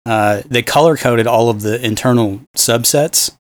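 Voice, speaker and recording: A man's voice: mid-range voice, a little slow. A man co-hosting a podcast, chatting casually and enthusiastically about a film, rambling with fillers. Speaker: podcast co-host. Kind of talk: casual movie discussion.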